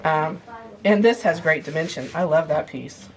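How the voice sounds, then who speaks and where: A woman's voice: deep voice, moderate pace. A woman giving a casual sewing demonstration, chatting as she explains each step while she handles the materials. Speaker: sewing instructor.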